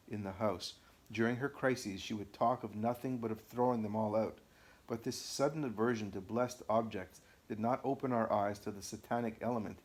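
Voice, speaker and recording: A man narrating a first-person account as an audiobook, measured and deliberate. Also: on the low side.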